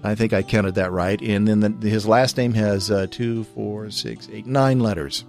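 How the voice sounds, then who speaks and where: A man's voice: fairly low pitch, steady tone, a little slow, gravelly, darkish tone, soft background music. An American man hosting a podcast, chatting loosely and chuckling as he answers listener questions, with many fillers and restarts. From United States. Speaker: podcast host.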